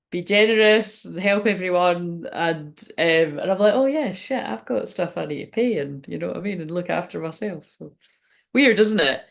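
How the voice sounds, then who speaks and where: A woman speaking as a spiritual reader in a rambling, frank livestream chat, swearing now and then. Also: lowish voice.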